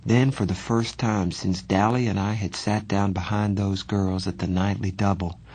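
Male audiobook narrator, low and husky, quiet and steady. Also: moderate pace. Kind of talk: first-person novel narration.

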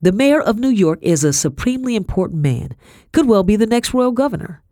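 A woman's voice: mid-range voice, big pitch swings, a little fast, dark tone, dry recording, studio quality, voice pushed up. A woman voicing an impatient, haughty lady of the house who snaps commands at her servants. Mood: imperious. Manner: imperious, snapping commands.

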